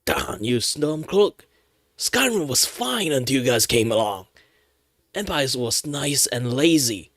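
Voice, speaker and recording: A man's voice: mid-range voice, big pitch swings, unhurried, fairly bright tone, dry recording, studio quality, pitched above the performer's own voice, full character voice. A man voicing a scrawny, panicky horse thief from a fantasy game in a strained, whiny voice.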